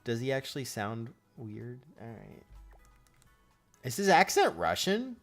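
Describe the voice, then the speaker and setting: A man's voice: mid-range voice, sing-song, measured pace, soft background music. A man hosting a casual live stream, chatting with viewers and reacting as he goes.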